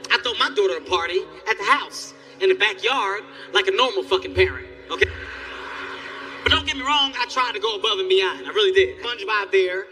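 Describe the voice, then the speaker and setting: A man doing stand-up comedy on a live stage, telling stories in an animated, profane way. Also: high voice. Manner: animated, loud storytelling with profanity.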